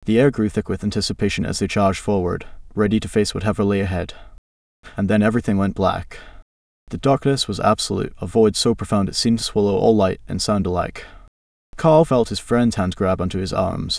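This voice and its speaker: A man reading a fantasy story aloud in a steady, plain way with small slips. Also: fairly low pitch, a little fast, creaky, dry recording, studio quality, distant mic.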